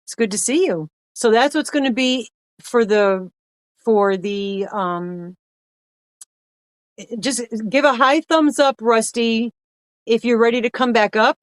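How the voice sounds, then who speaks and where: A woman's voice: a little high, slow pace, no room sound. Chatty woman hosting a live stream. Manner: chatty, rambling, repeats herself. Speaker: livestream co-host. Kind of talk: casual live-stream chat.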